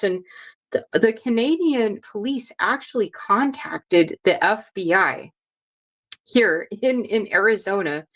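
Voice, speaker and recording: A woman telling a story as an interview guest, chatty and animated, acting out what others said. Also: medium pitch, a little slow.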